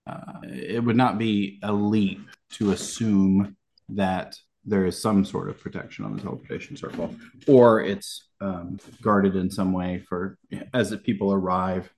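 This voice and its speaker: Measured low-voiced game master. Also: male voice, little pitch movement, creaky, darkish tone, slight background noise. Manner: measured, with many uh and um.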